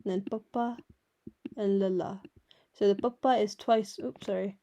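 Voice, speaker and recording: A woman teaching a writing lesson, patiently explaining each letter and repeating words slowly. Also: mid-range voice, steady tone, warm tone, slight background noise. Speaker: language teacher. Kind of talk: slow step-by-step alphabet lesson.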